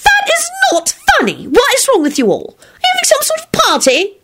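A woman's voice: wildly swooping pitch, brisk, a bit bright, full character voice. A woman voicing Solange, a frantic, easily alarmed woman who shrieks in indignation. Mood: exasperated. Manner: high-pitched, shrieking and indignant.

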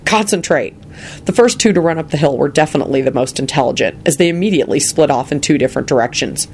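An animated reader telling a fantasy story, with the pitch rising and falling a lot through the telling. The voice has a gravelly edge, and a faint hiss of noise sits under the recording. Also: very fast. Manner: expressive storytelling. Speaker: narrator. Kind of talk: reading fan fiction aloud.

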